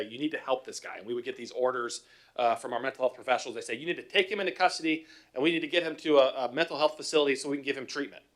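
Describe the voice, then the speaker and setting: Speaking to a council, a middle-aged man who works as a police officer keeps things conversational, telling stories, posing rhetorical questions, and playing both sides of calls. It's an informal, anecdote-driven talk in a medium-pitched, slightly bright voice.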